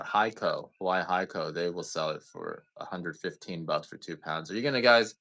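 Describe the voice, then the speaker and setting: A man's voice: low voice, fairly bright tone. A man chatting casually while selling coffee on a live stream, rambling, joking and swearing now and then. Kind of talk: casual live-sale chat.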